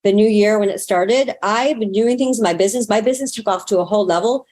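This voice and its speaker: A woman in her thirties, a guest in an interview, telling a personal story in an earnest, expressive way that rises sharply in pitch when she gets excited. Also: quick pace.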